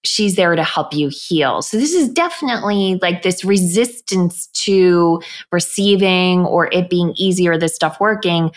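Woman hosting with a lowish voice. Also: animated, unhurried, hardly any pauses. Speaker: podcast host. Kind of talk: conversational interview.

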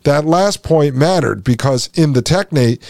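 A male podcast host with a somewhat high-pitched voice talks his way through a written piece. He reads it aloud and keeps stopping for mocking, folksy commentary aimed at his listeners. The sound is dry and close, with no room echo. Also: animated, a little slow, creaky, a little mellow. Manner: sarcastic, folksy asides to listeners. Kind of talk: podcast commentary, reading from an article.

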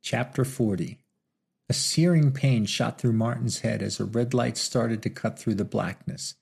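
A man giving steady audiobook narration of a Western novel. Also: mid-range voice, unhurried, gravelly, slightly rough. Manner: steady, storytelling.

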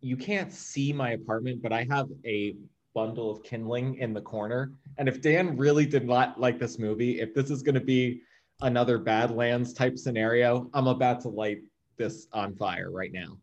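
A man's voice: medium pitch, fairly even intonation, moderate pace, dull audio. Emphatic man co-hosting from home. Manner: emphatic, enthusiastic. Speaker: podcast co-host. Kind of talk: casual film discussion. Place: home apartment.

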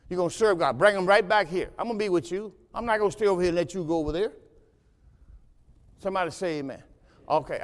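Man, pastor, high voice, conversational preaching that builds to loud exhortation, long echoing reverb. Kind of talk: sermon. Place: church sanctuary.

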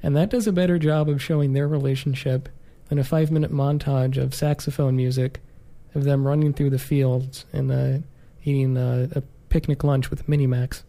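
A man's voice: medium pitch, level tone, moderate pace, vocal fry, dark tone. A man co-hosting a casual film-review podcast, making dry jokes and wry asides. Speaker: podcast co-host.

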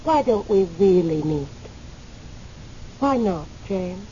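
Dead woman's spirit, radio drama, gently teasing, unhurried, mellow tone, faint hiss. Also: medium pitch, expressive, highs cut off. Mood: calm, teasing.

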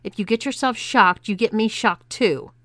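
A woman's voice: medium pitch, moderate pace, no room sound, natural voice. A woman reading the part of a reluctant adult man who complains and pleads. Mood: complaining.

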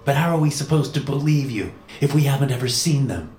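A man's voice: medium pitch, animated, brisk, a little mellow, roomy sound, slight background noise, pitched above the performer's own voice, natural voice. A man voicing a defiant seventeen-year-old boy in a horror story reading. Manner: defiant, challenging.

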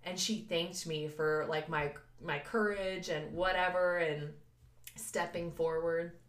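A young woman co-hosting a podcast, telling a story in a lively way with lots of laughter and acted-out voices. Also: fairly low pitch, slow pace. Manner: animated, laughing, acts out voices of others. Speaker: podcast co-host. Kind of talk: casual storytelling chat. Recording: echoey room.

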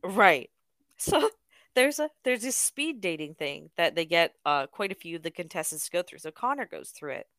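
A woman's voice: lowish voice, sing-song, moderate pace, fairly bright tone, no room sound, clean studio sound. A woman co-hosting a podcast, retelling a show in a chatty, giggly way. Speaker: podcast co-host. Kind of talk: casual podcast chat.

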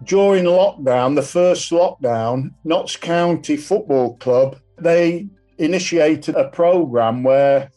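A man's voice: fairly high pitch, takes it slowly, dark tone, faint music behind. An older man, earnestly telling a personal story in an interview. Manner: earnest, anecdotal. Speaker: club ambassador.

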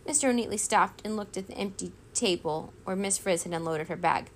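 A woman reading a children's storybook aloud in a steady, expressive way. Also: on the low side, fairly quick, few pauses, a little hiss or hum. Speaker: reader.

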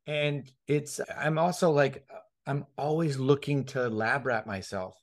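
Excitable swearing man on a podcast. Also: a little high, normal speed. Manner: excitable, swears freely, restarts and laughs often. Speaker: podcast host. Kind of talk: casual podcast conversation.

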